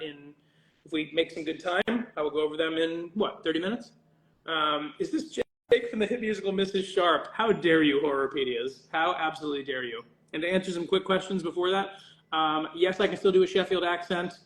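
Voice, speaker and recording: A man's voice: a little high, fairly bright tone. Rambling man in an echoey room. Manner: rambling, self-interrupting, swears jokingly. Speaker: voice actor signing autographs for fans. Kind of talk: casual livestream chat.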